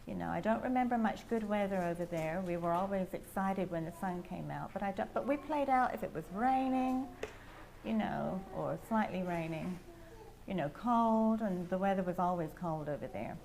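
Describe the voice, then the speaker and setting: An older woman with an English accent, sharing a meandering personal testimony with soft laughs. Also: lowish voice, animated, normal speed, gravelly, a little hiss or hum. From England. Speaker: testimony speaker at a prayer house.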